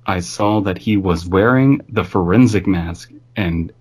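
A man's voice: low voice, measured pace, darkish tone, breathy edge. A man reading a creepy story aloud in an offhand, amused way, stopping to comment on it.

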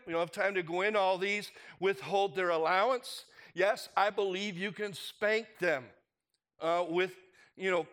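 A man's voice: sits high, a bit bright. A middle-aged man preaching a sermon in a conversational way, asking the congregation rhetorical questions. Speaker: pastor.

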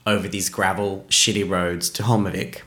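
A man casually telling a travel mishap story on a podcast, animated and poking fun at himself. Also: sits low, moderate pace. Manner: animated, self-mocking, laughs at his own story. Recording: roomy echo.

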